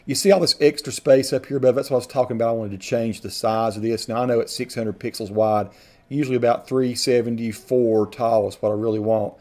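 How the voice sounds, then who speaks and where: A man's voice: medium pitch, fairly even intonation, fast, darkish tone. A middle-aged man giving a casual screen-recording tutorial, folksy and rambling, often correcting himself mid-sentence. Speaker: video tutorial host.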